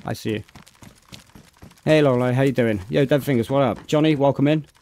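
A British man live-streams a game, chatting casually and greeting chat viewers by name between remarks about his gameplay. His voice is medium-pitched and warm, and he talks briskly.

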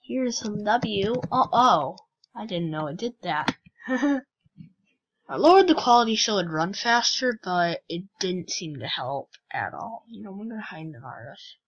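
Woman gamer host, unhurried, teasing chatter, lo-fi mic. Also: medium pitch, animated. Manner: chatty, teasing other players. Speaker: gaming channel host. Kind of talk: casual game commentary.

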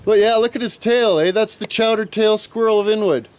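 Casting: young man, high voice, crude and profane, cheerful banter while filming outside. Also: fairly quick, darkish tone, slight background noise. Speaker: vlogger filming friends. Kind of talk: casual outdoor banter. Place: outdoors at a house. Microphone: handheld camera.

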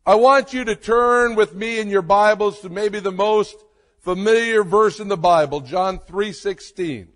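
A pastor preaching a sermon with slow, emphatic delivery and dramatic pauses. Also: male voice, sits high, a bit bright, big-room sound.

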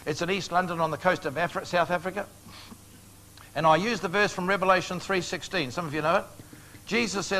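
An older man preaching a sermon in a large meeting hall, telling stories in an animated way. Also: high voice, a little fast. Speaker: evangelist.

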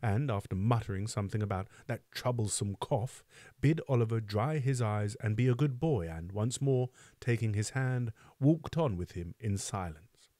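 A man's voice: lowish voice, lively intonation, moderate pace, mellow, no echo, studio quality. A man reading a classic novel aloud for a book club, who reads steadily and stops now and then to remark on the text.

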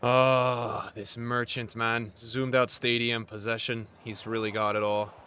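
A young man giving live commentary on a football video game as he plays, swinging from mumbled asides to loud outbursts. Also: medium pitch, little pitch movement, measured pace, a little hiss or hum. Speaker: gaming streamer.

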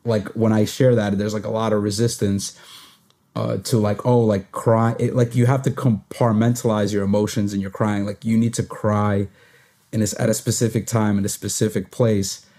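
Soft-spoken, hesitant young man. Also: on the low side, little pitch movement, moderate pace. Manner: hesitant, many fillers and restarts. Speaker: podcast host. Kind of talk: reflective conversational sharing.

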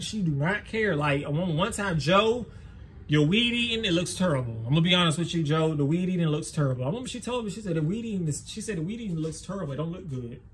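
A man's voice: sits high, pushed and bright, slight background noise. A young man, telling a wild story and laughing as he acts out the quotes. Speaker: lawn care vlogger. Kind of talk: animated storytelling.

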